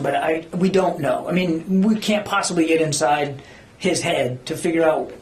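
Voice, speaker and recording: A man's voice: on the high side, moderate pace, a little mellow, a little hiss or hum. Earnest male spokesman in echoey room. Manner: earnest, emphatic, searching for words. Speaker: government spokesman. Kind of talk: press briefing answers. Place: briefing room.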